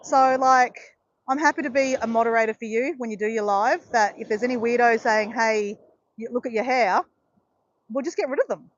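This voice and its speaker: An Australian woman chats with her livestream viewers outdoors in southeast Queensland, wandering and encouraging, her speech packed with fillers. She talks a little fast at a fairly high pitch, and the highs in the audio are cut off.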